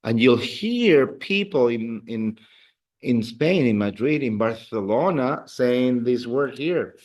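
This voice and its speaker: A male language teacher speaks slowly and unhurriedly, with a voice of middling pitch. He stumbles and repeats words as he explains, then playfully teases his class. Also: expressive, darkish tone. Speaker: Spanish teacher.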